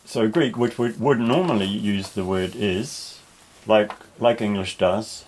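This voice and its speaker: Lesson narration: lower-pitched male teacher, patient, methodical, unhurried explanations. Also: a little mellow, poor audio. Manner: patient, careful, with small restarts. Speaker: Greek teacher.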